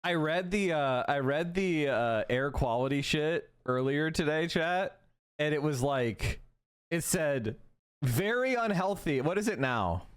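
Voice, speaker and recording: A man hosting a casual livestream, reacting to a clip with animated, self-interrupting commentary. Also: fairly high pitch, unhurried, clear, resonant tone.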